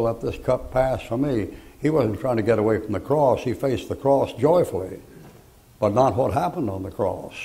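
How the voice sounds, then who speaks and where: An older man preaching a sermon, telling folksy stories and breaking into loud, emphatic bursts. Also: medium pitch, gravelly, low-quality recording. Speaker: pastor.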